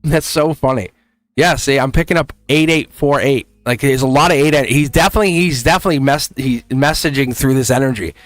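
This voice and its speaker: A man's voice: medium pitch, brisk, dry recording, soft background music. A middle-aged man hosting a live tarot stream in casual chat, rambling, laughing often and saying "like" constantly. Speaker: tarot reader and livestream host.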